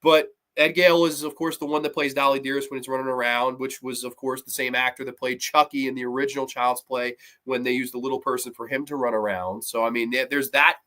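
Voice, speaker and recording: A man reviewing horror films in a casual, profane and rambling way, often breaking into animated rants. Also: medium pitch, fast, hardly any pauses.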